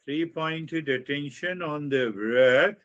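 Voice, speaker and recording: Slow, repetitive, and measured, a man guides meditation in a spiritual talk, lengthening his phrases before sharp, emphatic rises. His voice sits in a normal middle register but runs a little high and a bit bright. The audio is dull and somewhat muffled.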